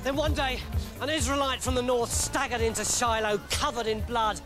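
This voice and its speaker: A man telling a story in lively, playful scripted narration that drops to hushed tones. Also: very high-pitched, normal speed, over music.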